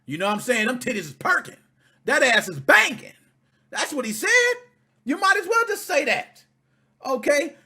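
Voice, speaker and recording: A man hosting a video reaction, talking casually in an animated, profane, indignant way. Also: very high voice, moderate pace.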